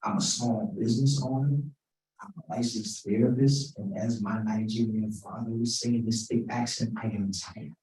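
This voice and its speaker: A man's voice: medium pitch, steady tone, normal speed, dark tone. Joking keynote speaker man in a roomy hall. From Washington, D.C. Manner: joking, conversational. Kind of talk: keynote speech. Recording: roomy sound, mic at a distance.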